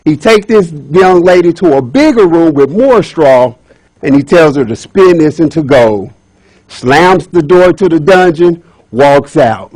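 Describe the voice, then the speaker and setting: Man tells folk tale at club meeting, lively, kinda high voice, dry. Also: a little slow, no echo, poor audio. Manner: lively, chatty storyteller with asides to the audience. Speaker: speaker at a speaking club. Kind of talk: storytelling speech.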